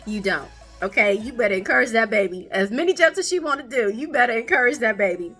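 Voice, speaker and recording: A woman's voice: brisk, slightly rough, soft background music. A young woman, hosting a podcast about her toddlers, chatting casually and laughing often. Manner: animated, laughing, high playful voices when quoting her kids. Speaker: podcast host, mother of twin toddlers. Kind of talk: casual storytelling chat.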